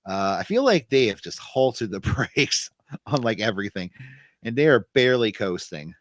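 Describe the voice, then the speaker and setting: A man's voice: fairly low pitch, big pitch swings, normal speed, a bit bright, no echo. A man co-hosting a wrestling podcast, telling stories in a loose, rambling way with lots of fillers and restarts. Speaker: podcast co-host. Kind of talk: casual wrestling recap chat.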